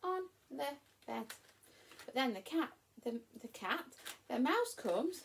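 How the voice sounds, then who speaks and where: A woman gives a reading and handwriting lesson to young children, her voice bright and high. She swoops up and down in a lively sing-song and draws each word out slowly and clearly. Her tone stays encouraging and exaggerated, as if coaxing small learners along. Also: a little hiss or hum. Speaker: primary school teacher.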